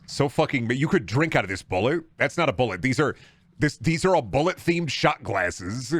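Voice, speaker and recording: A man's voice: medium pitch, lively intonation, normal speed, slightly rough, no echo. A man streaming a video game, giving casual, profane, rambling running commentary full of jokes.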